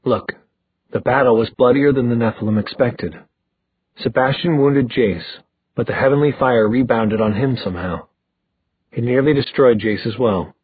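A man's voice: medium pitch, husky, no echo, natural voice. A man as Luke, a firm, weary older man. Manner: firm, measured. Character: steady, tired middle-aged man, Luke. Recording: tinny phone-like dry recording.

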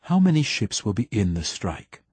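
A man's voice: on the low side, big pitch swings, husky, no echo. A grave, terse woman leader, as a man reads her. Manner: quiet, measured and terse. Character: older woman head of government, grave, commanding.

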